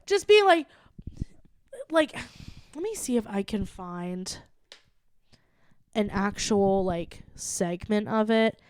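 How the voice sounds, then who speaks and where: A woman's voice: mid-range voice, animated, slow, long pauses, darkish tone, clean tone. A young woman co-hosting a comedy podcast, chatting casually and animatedly with plenty of filler words. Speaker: podcast co-host. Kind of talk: casual chat.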